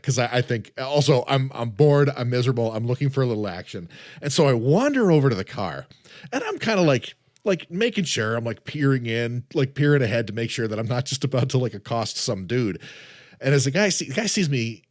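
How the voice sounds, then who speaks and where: A man in his forties hosting a podcast, telling stories in a casual, animated way with frequent stammered restarts. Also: medium pitch, fairly quick. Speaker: podcast host. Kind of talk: casual chat.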